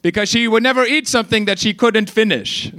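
A man's voice: high-pitched, fairly quick, pushed and bright. A man playing Gandhi at a stage roast, in a mangled put-on accent, firing off brash jokes and laughing at his own lines. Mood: cocky. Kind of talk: stand-up roast set. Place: comedy stage.

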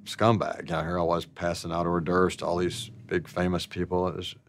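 A man's voice: sits low, completely flat delivery, a little fast, slight background noise. A man in his sixties telling stories from his life in a rambling, folksy, self-deprecating way, full of "you know" asides. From American South. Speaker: actor telling his story. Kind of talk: reflective storytelling.

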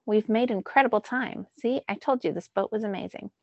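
A woman voicing a gruff, impatient man who steers a boat in a storybook reading, curt and brusque. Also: medium pitch, a little fast, no echo, highs cut off, close to an everyday voice.

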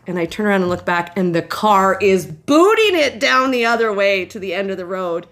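A woman guest telling a story in a casual chat, animated, swearing casually and laughing often. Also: mid-range voice, moderate pace, few pauses.

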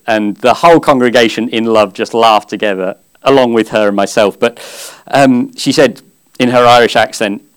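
A man's voice: lowish voice, clear, resonant tone. Earnest male preacher giving a sermon. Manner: earnest, conversational, with gentle humor. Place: church service.

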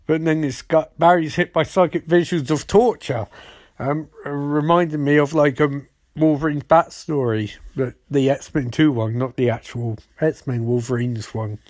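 A man's voice: on the high side, darkish tone, dry recording, studio quality. A man giving a rambling, sarcastic, profane comedic episode recap.

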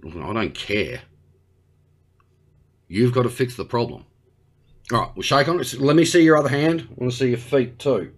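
A man's voice: medium pitch, lively intonation, normal speed, pauses often. An Australian man doing a brash, slangy one-sided comedy conversation with an unheard partner. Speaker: comedy podcast host.

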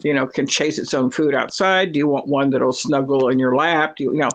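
A middle-aged woman telling a story in casual chat, chatty and animated, laughing often. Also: a bass voice, brisk. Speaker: cat owner telling a story.

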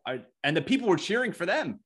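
Bright-voiced man telling stories. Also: high-pitched, very animated, quick pace, breathy edge. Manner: profane, storytelling, mimics voices in quotes. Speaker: podcast co-host. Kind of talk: casual podcast banter.

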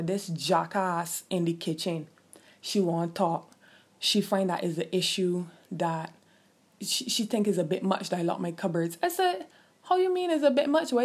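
Husky woman ranting with lilt. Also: mellow. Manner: heated, profane, dramatic pitch jumps when quoting herself. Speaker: streamer venting to viewers. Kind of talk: casual storytime rant.

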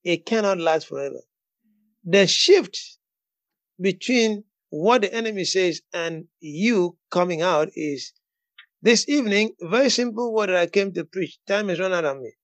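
A man preaching, who moves from quiet teaching into bold, emphatic declarations and often repeats words as he builds up. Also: sits high, animated, measured pace, no room sound. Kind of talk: sermon with prayer call-in.

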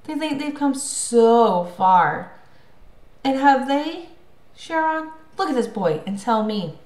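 A woman's voice: fairly high pitch, lively intonation, slow, darkish tone, pitched above the performer's own voice. A woman voicing a bored, sarcastic male wine god in an audiobook, drawling and scornful. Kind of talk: audiobook character voice. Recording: roomy echo.

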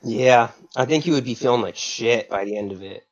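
A man's voice: medium pitch, a little fast. A man co-hosting a casual podcast, talking in a laid-back drawl and swearing casually. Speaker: podcast co-host. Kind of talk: casual chat. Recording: dull lo-fi podcast mic.

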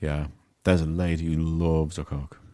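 A man co-hosting a comedy podcast, chatting casually as a sweary, animated storyteller. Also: a bass voice, normal speed. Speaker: co-host.

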